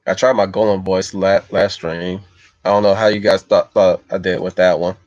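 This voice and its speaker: A man's voice: low voice, flat delivery, moderate pace, darkish tone, no room sound. A man rambling casually on a livestream, often stammering and repeating words, in a dull, dry recording. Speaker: streamer.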